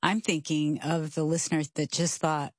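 A man's voice: a little high, flat delivery, normal speed, no room sound, studio quality. A man hosting an interview who responds enthusiastically and affirms his guest. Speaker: podcast host. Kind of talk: casual interview chat.

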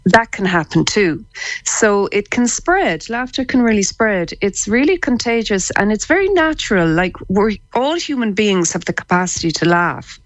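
A woman, talking as a guest therapist on a radio show, chatty and quick to laugh, often restarting her words. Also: medium pitch, expressive, no room sound, low-quality recording. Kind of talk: radio interview chat.

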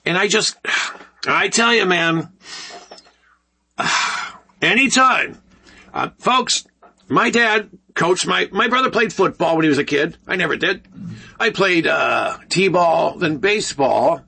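A male talk show host on his own in a studio, ranting with animated, sarcastic energy. His voice is high and gravelly, with a husky edge. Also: slow pace. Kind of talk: solo ranting commentary. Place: broadcast studio, alone.

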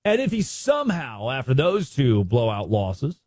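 Animated husky-voiced male sports host. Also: medium pitch, a little slow, no room sound. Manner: emphatic, sarcastic, acts out quotes.

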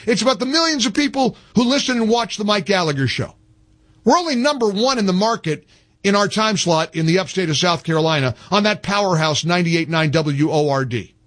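This talk radio host has a high, somewhat bright voice. He delivers an emphatic, fired-up, repetitive rant and handles a host-read ad too.

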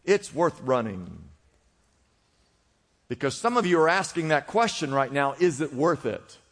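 High-voiced preacher in a reverberant hall. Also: male voice, animated, brisk. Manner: preaching with call-and-response, rising and dropping emphasis. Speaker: pastor. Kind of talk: sermon. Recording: long reverb of a large hall.

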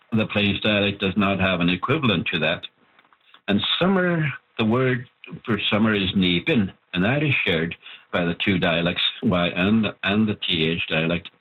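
A man who wrote a language book explains it in a phone interview, in a measured way with pauses and fillers. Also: deep voice, husky. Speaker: author of a Cree language book. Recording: tinny phone line.

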